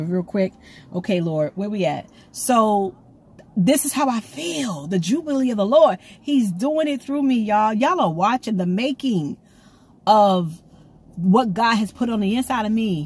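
A woman giving an excitable, rambling prophetic message to her viewers, recorded on her own camera at home. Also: mid-range voice, normal speed, breathy edge. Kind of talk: casual prophetic video message. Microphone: camera she sets up herself.

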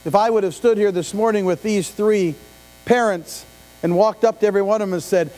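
Brisk and high-sitting with a darkish tone, a middle-aged pastor gives a conversational sermon full of questions to the congregation and asides. It's a live stream from the church sanctuary, with long reverb and mains hum.

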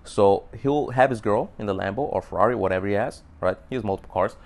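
A man's voice: on the low side, fast talker, vocal fry, a little mellow. A young man giving dating advice in a rambling, profane monologue to camera, often checking in with "right?".

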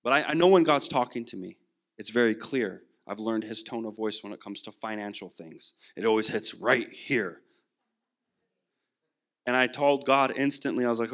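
A man's voice: medium pitch, moderate pace, a bit bright. Man, young adult, sermon, storytelling, acted-out dialogue, mid-range voice. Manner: storytelling, acts out quoted dialogue. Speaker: guest preacher. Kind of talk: sermon with personal testimony.

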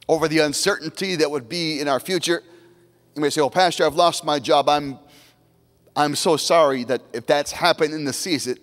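A man's voice: a little high, in a large hall. A male pastor delivering a sermon, emphatic and full of repeated declarations. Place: church sanctuary.

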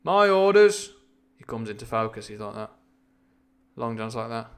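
A man's voice: fairly low pitch, monotone, moderate pace, fairly bright tone. A man reading a novel aloud on a casual stream, breaking off for chatty asides and stumbling restarts.

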